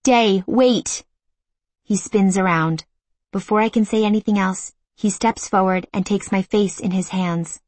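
A woman narrating a first-person audiobook in an intimate, emotional, measured way. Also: medium pitch, fairly even intonation, a little mellow, dry recording.

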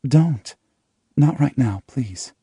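A man reading a story aloud, voicing a hurt, emotionally drained young woman in a flat monotone. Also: medium pitch, slow, breathy edge, no room sound, studio quality, pitched above the performer's own voice, exaggerated voice. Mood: pleading.

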